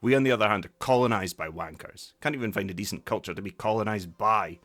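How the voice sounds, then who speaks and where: A man's voice: fairly low pitch, quick pace, pitched above the performer's own voice. A Scottish man reciting a young Scottish man's angry, sweary tirade about his country. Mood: bitter. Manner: angry sweary tirade, louder than his usual talk.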